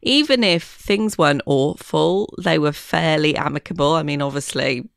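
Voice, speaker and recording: A woman's voice: sits low, moderate pace, vocal fry, clear, resonant tone, no room sound, clean studio sound. A woman hosting an interview, chatty and sharing her own experiences with her guest. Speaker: host. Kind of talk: interview conversation.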